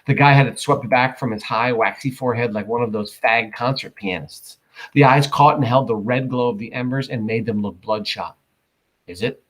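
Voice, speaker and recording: A man reading a novel aloud, casual, pausing to correct himself and comment. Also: mid-range voice, poor audio. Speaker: audiobook reader.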